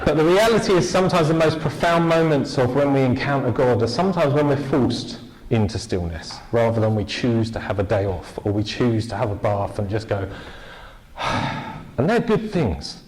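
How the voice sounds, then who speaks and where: A man's voice: medium pitch, fairly quick, hardly any pauses, a little mellow, low-quality recording. A man preaching an informal, jokey church sermon, chatting with the congregation and asking them questions.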